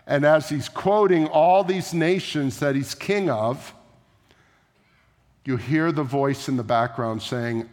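A pastor with a higher-pitched voice and measured pace preaches a sermon in a church sanctuary, telling a story conversationally. The recording echoes through the church hall.

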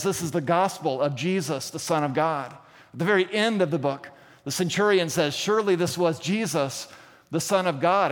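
A male pastor delivers a sermon in a fairly high voice, posing questions to his listeners and acting out scenes with emphasis. The sound rings with a long reverb, as in a large hall. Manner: preaching with dramatic retellings and rhetorical questions.

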